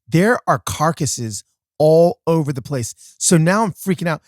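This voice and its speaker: A man hosting a podcast, telling a casual story in an animated way with comic exaggeration and self-mocking asides. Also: on the high side, unhurried, no echo, clean studio sound. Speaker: podcast host.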